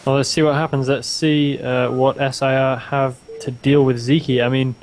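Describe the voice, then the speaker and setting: A man's voice: medium pitch, flat delivery, moderate pace, a little hiss or hum. A young man casting a strategy game match in a casual, chatty way, often restarting his words. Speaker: esports caster.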